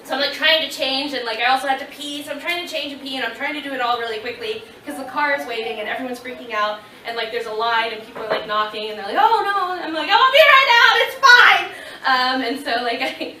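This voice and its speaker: A woman in her thirties telling a lively story to a convention audience, laughing and acting out what people said. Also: high-pitched, fast talker, hardly any pauses, slight background noise. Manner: animated, laughing, acting out quotes. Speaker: convention panel guest. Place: convention panel room. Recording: echoey room, voice from far off.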